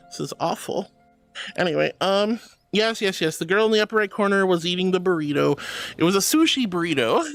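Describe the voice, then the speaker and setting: A woman's voice: medium pitch, normal speed, soft background music. A woman streamer chatting casually with her live viewers, playful and theatrical, with mock-indignant protests and affectionate greetings.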